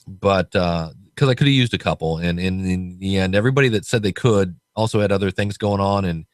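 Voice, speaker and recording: A man's voice: low-pitched, fairly quick, no echo. A man hosting a podcast, chatting casually and telling stories with quoted voices. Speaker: podcast host.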